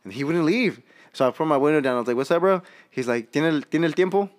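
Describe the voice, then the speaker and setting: A young man co-hosting a casual podcast, retelling a night out in a slangy, profane, animated way. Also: fairly high pitch, fast. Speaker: podcast co-host. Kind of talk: casual storytelling.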